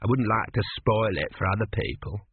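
A fussy, slow-witted sphinx grumbles doubtfully through its riddle, voiced by a man reading a comic storybook. The voice is husky and the sound is thin and phone-like. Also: medium pitch, very animated, dry recording, full character voice. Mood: grumbling. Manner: grumbling, doubtful, easily flustered. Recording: tinny phone-like audio.

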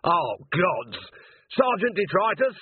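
A man voicing a gruff, weary middle-aged male watch commander in a storybook reading. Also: mid-range voice, expressive, moderate pace, voice pushed up. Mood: commanding. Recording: tinny phone-like sound.

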